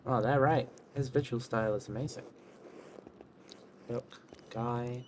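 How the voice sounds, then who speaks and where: Unhurried and fairly even in intonation, a young man with a medium-pitched voice streams a story game over a little hiss or hum. He reads its dialogue aloud playfully and chats casually, swearing and responding with little gasps and laughs.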